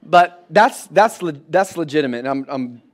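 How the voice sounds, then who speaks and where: A man in his thirties preaching a sermon in church, animated and comic as he acts out scenes with his kids. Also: on the high side, normal speed. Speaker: pastor.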